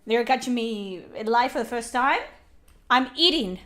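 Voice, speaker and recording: A woman with a high-pitched voice hosts a casual live stream. She swears freely and teases her viewers with mock offense. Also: animated, a little slow, a bit bright. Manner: profane, teasing and mock-offended.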